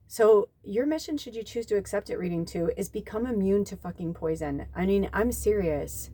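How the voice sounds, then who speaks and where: A woman's voice: medium pitch, normal speed, hardly any pauses, dry recording. A young woman, a psychic medium, telling a personal story to her viewers in casual talk, emotional and near tears, swearing freely. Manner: emotional storytelling, swears freely, quotes others in lively voices. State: tearful, near crying. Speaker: psychic medium giving a tarot reading. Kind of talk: casual spoken reading to viewers.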